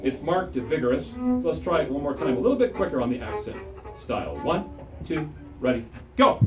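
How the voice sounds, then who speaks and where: A man's voice: fairly high pitch, wildly swooping pitch, fairly quick, music in the background. A man teaching a string class, drilling terms with call-and-response and counting the players in. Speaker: music teacher. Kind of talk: classroom instruction. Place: school music room with string ensemble. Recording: echoey room, recorded from far off, strings playing.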